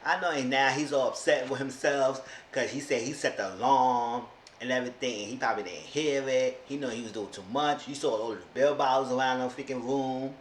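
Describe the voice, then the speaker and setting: A man's voice: mid-range voice, fairly quick. Male reality-TV reviewer, sassy and exasperated, mimics cast members; echoey room, faint hiss. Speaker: TV show reviewer. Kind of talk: casual recap commentary.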